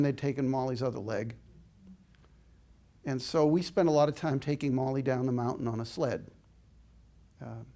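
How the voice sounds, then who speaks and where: A man's voice: on the high side, a little mellow. Older man telling an earnest story. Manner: earnest, reflective storyteller with small restarts. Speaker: inspirational speaker. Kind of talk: personal storytelling talk.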